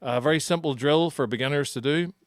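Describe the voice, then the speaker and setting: A man who co-hosts a podcast and coaches golf, explaining his drill step by step in a relaxed chat. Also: fairly high pitch, fairly quick, dry recording, clean studio sound.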